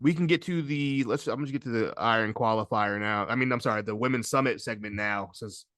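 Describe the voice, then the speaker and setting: A man hosting a casual wrestling podcast, talking in an animated way, laughing often and restarting his sentences. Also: medium pitch, fairly quick, no echo, clean studio sound. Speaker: podcast host.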